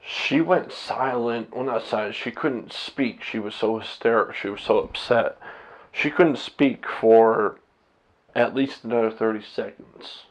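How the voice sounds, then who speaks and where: A man's voice: fairly low pitch, measured pace. A man talking candidly to his own camera, blunt and profane, rambling with restarts as a husband and father. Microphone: camera set up by himself.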